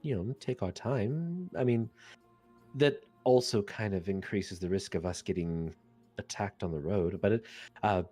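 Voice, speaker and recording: A man's voice: lowish voice, measured pace, mellow, soft background music. A man voicing an easygoing woman guide in a tabletop game, speaking loosely and rambling a little. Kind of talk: tabletop game role-play.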